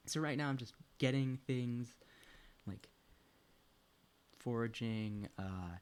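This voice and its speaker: Young male streamer, loose and rambly, curses freely, chats to his pet and his viewers. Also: medium pitch. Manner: rambling, swears often, laughs between thoughts; talks to a pet and chat while playing. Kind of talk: casual gaming chat.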